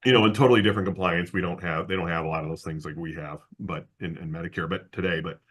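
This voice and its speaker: A man being interviewed as a guest, telling a story from his work in a lively way, with frequent laughs and restarts, and acting out the people he quotes. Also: low voice, quick pace, breathy edge. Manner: animated storyteller who acts out the people he quotes. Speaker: guest, insurance agency owner.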